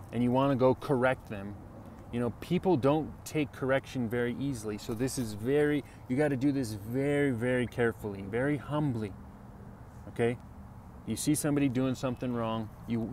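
A man's voice: medium pitch, a little mellow, slight background noise. A man giving an earnest, conversational Bible lesson to camera, repeating himself and checking in with "right?" and "you know?". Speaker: Bible teacher. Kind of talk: casual video sermon.

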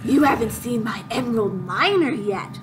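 A woman's voice: animated, moderate pace, background noise, close to an everyday voice. A woman putting on a creepy, sinister voice for a male assassin villain in a video game. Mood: menacing. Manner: low sinister drawl. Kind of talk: game role-play voice.

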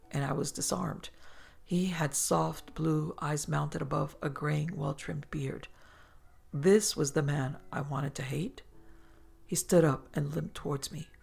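A woman host narrating a first-person horror story in a measured, dramatic way. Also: low-pitched, vocal fry, husky.

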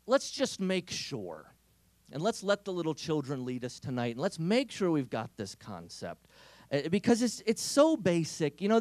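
Man, youth speaker, lively storytelling, somewhat high voice, dry close sound. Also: no echo. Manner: animated storyteller who acts out quotes; conversational, with frequent fillers and restarts. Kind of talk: talk to teenagers.

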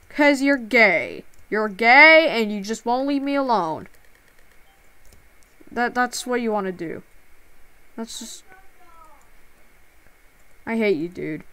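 Upset stammering woman streamer, bright clear voice. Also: on the high side, expressive, slow pace, long pauses, no echo. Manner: stammering restarts, plaintive. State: upset, near tears. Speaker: game streamer. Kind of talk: upset live-stream commentary.

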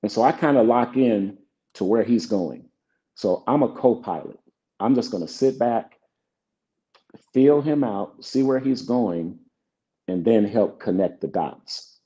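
Unhurried and lively in intonation, a middle-aged man with a low, dark voice leaves long pauses as he tells stories as a songwriter guest in a relaxed interview. He performs both sides of past exchanges, captured in dull lo-fi sound.

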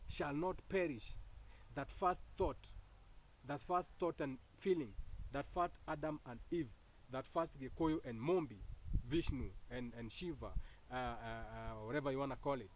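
A man's voice: medium pitch, moderate pace, rough recording. Joking Kenyan man preaching spirituality. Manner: joking, laughs often, swings between teasing and preachy. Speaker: spiritual talk host. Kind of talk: casual spiritual monologue.

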